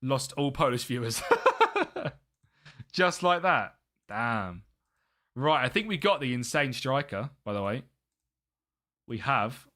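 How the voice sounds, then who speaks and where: Young british guy on a live game stream, bright voice, mutters and laughs a lot. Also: mid-range voice, sing-song, takes it slowly, pauses often. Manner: chatty, muttering to himself, laughs often. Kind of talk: live gaming stream commentary.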